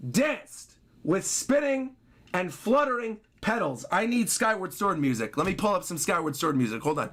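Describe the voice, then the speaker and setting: A young man streaming a live reaction to a manga chapter, excitably reading the dialogue aloud in a dramatic, drawn-out way. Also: sits high.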